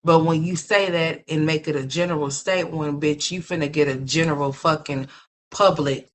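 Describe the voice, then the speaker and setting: This is an unscripted gossip commentary voice, blunt and full of profanity. The speaker scolds the listener directly and rambles, circling back to the same words again and again for emphasis. Pitch sits in the middle range. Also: steady tone, moderate pace. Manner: rambling, repeats phrases for emphasis.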